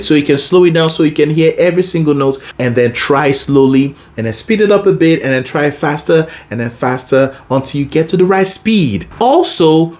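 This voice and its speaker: A woman's voice: deep voice, a little mellow. Brief: woman vocal coach, conversational teaching, breaks into sung examples. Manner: explains then demonstrates by singing. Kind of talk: singing lesson with sung demonstrations.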